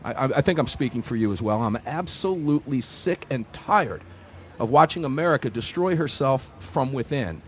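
A man's voice: medium pitch, animated, normal speed, highs cut off, a little hiss or hum. A man hosting a live talk radio show from a fair booth, speaking in an emphatic, indignant, opinionated way.

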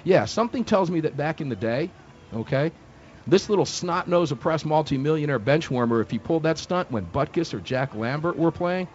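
A man's voice: fairly high pitch, lively intonation, brisk, highs cut off, a little hiss or hum. A man hosting a live talk radio show from a fair booth, speaking in an emphatic, indignant, opinionated way.

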